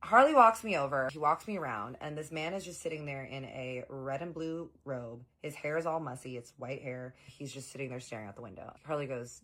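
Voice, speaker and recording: Animated woman telling a story. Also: rumbling low, brisk, few pauses. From Southern US. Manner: animated, chatty, full of "like" fillers. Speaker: storytime vlogger. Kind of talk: casual storytelling.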